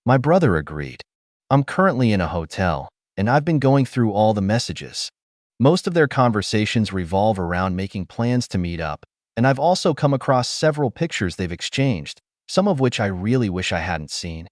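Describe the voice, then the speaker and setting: A man reading a first-person story aloud as scripted narration, in a steady, even-paced storytelling manner. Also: on the low side, moderate pace, no echo, clean studio sound.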